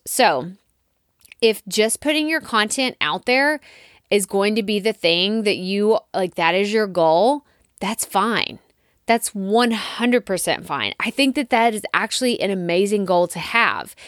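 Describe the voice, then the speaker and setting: A woman's voice: mid-range voice, fairly bright tone, no room sound, clean studio sound. Chatty, encouraging Texan woman podcaster. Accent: Texas. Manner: chatty and encouraging, acts out listeners' doubts. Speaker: podcast host. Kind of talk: solo podcast coaching talk.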